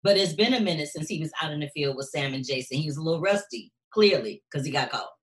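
A woman with a fairly low voice co-hosts a casual chat show. She talks in an animated way and slips into other people's voices as she retells scenes. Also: fast. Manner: animated, acts out characters' lines. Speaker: show co-host.

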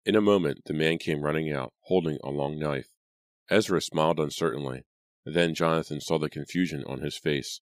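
Measured male narrator with a very low voice, dry and close. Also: no echo. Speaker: audiobook narrator. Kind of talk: scripted narration.

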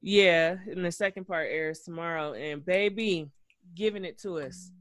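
A man co-hosting a podcast, recapping reality TV in an animated, gossipy way with plenty of cursing. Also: a little high, a little slow, no echo. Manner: animated, gossipy, profane storytelling. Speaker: podcast co-host. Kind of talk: casual reality-TV recap chat.

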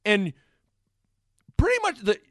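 Animated sports podcast man, lively pitch. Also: slow pace, no echo, clean studio sound. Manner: rambling, self-correcting, animated. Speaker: podcast co-host. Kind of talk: casual sports talk.

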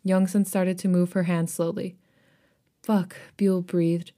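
A woman's voice: fairly low pitch, level tone, slow, warm tone. A woman co-hosting a podcast, reading a story aloud and chatting casually, with laughter breaking in between passages. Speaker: podcast co-host reading fan fiction aloud.

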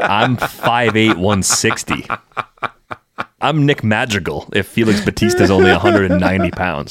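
Male podcast host, very deep voice, relaxed chat, dry close mic. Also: a little slow, no room sound. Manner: relaxed, conversational, reads listener questions.

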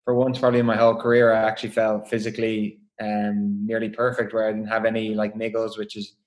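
A young man being interviewed on a call, relaxed and chatty. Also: fairly low pitch, quick pace. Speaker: guest athlete.

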